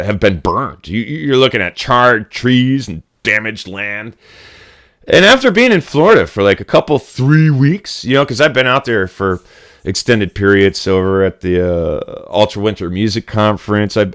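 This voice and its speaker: A man's voice: lowish voice, a bit bright, clean tone, no echo, clean studio sound. A middle-aged man from Connecticut, hosting a casual livestream chat, rambling and swearing bluntly as he rants. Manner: blunt, rambling, profane ranting. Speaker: livestream host.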